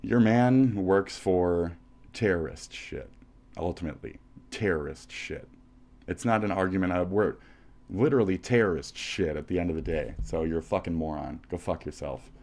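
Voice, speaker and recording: Livestreaming, a man from the United States launches a profane reaction rant, taunting his target with insults he says again and again. His voice sits low with a darkish tone, at normal speed.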